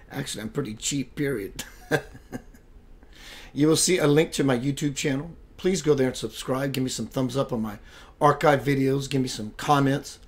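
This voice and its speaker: A man's voice: mid-range voice, moderate pace, pauses often. A man hosting a spiritual web radio show, chatting casually and playfully, greeting viewers by name and laughing often. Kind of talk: casual livestream chat.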